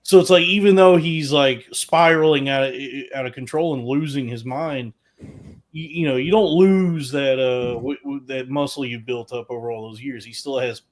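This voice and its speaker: A man's voice: medium pitch, moderate pace. A man co-hosting a podcast, explaining at length in casual chat. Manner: long-winded, explaining. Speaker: podcast co-host.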